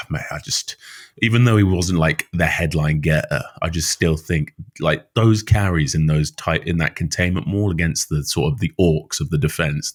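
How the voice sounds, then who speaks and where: A man co-hosting a casual rugby podcast, chatting in a laid-back way and often saying "mate" and "like". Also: deep voice. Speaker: podcast co-host.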